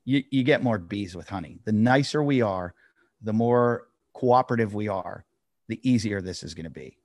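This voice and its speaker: A man's voice: fairly low pitch, moderate pace, no echo. A middle-aged man, a comedian, casually telling a long story on a podcast and acting out the quotes.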